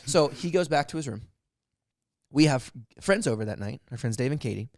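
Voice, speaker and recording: Lively, animated man telling stories. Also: medium pitch, a little fast, no echo, clean studio sound. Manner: rambling anecdotes with frequent laughs and restarts. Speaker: comedy podcast co-host. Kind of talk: casual chat, comic storytelling.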